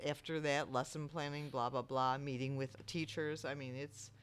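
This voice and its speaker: A man's voice: mid-range voice, moderate pace, slight background noise. Hesitant man chatting about his day. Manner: hesitant, trailing off, then lively quoting. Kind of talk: casual chat.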